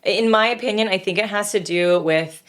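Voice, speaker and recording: A woman who co-hosts a podcast and teaches horn, chatting casually, laughing often and telling lively stories. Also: medium pitch, normal speed.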